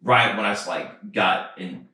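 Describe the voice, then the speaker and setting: A man telling a work story in casual, profane, animated chat on a podcast. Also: lowish voice, measured pace, slight background noise. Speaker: podcast co-host. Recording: roomy echo, distant mic.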